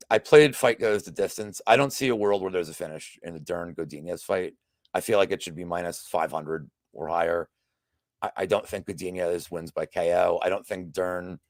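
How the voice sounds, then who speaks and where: Low gravelly man talking betting picks. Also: dry recording, clean studio sound. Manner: rambling, frequent restarts, profane asides. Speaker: sports betting podcast host. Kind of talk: casual betting picks chat.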